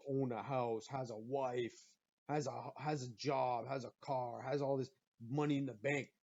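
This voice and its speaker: A man hosting a podcast and ranting in a profane, animated way about his own stories. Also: medium pitch. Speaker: podcast host. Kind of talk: profane comedic rant. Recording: muffled lo-fi recording.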